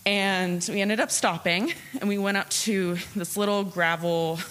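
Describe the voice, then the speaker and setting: A woman's voice: mid-range voice, fairly even intonation, a little slow, fairly bright tone. A woman in her twenties telling a personal story live on a theatre stage, chatty and laughing often. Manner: chatty, laughing, lots of fillers.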